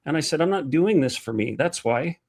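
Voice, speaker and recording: A man's voice: a little high, lively intonation, brisk, a little mellow, breathy edge. A man hosting a heated interview, speaking with indignation that rises into outrage. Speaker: host.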